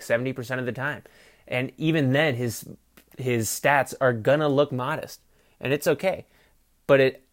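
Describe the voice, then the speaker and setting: A man hosting a sports podcast, rambling casually and swearing freely while he gives his opinions, recorded on a phone. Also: mid-range voice. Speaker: podcast host.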